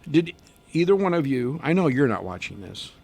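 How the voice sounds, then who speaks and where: A man's voice: mid-range voice, sing-song, moderate pace, gravelly, a little mellow, a little hiss or hum. A man hosting a local radio morning show in a studio, joking and teasing his co-hosts in casual banter.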